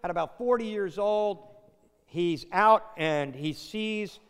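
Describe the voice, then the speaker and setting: A man's voice: sits high, slow pace, a bit bright, smooth. A man preaching a sermon in a chatty, storytelling way, acting out quotes and tossing in asides. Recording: long hall reverb.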